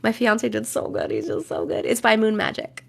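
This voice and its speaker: A young woman hosting a livestream, reading viewers' stories aloud and chatting casually, her voice a bit rough from a cold, humming filler syllables while she waits. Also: a little high, very animated, normal speed. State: voice rough from getting over a cold.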